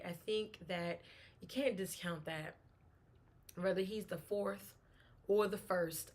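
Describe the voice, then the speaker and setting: A woman's voice: medium pitch, fairly bright tone. Chatty woman hosting a sports show. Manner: chatty, laughing, thinking aloud with restarts. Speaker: sports talk host. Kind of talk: casual solo sports chat.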